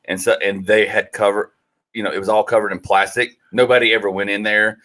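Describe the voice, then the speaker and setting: A man chats casually on a podcast in a low voice with a bright edge. He mostly listens and backs his partner up with short replies, then tells a short story of his own. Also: level tone, a little fast. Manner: supportive listener, short backchannels. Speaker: podcast co-host. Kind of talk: casual chat.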